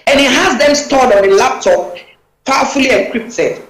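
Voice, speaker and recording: A woman's voice: sits high, expressive, moderate pace, reverberant, low-quality recording. A woman, a talk show guest speaking emphatically and urgently over a video call.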